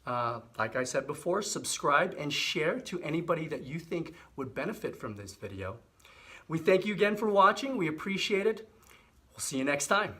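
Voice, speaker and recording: Middle-aged male health host, slightly raised pitch, easygoing instructional delivery. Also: normal speed. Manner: relaxed, repetitive explanations with fillers. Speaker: physical therapy host. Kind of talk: casual instructional demonstration.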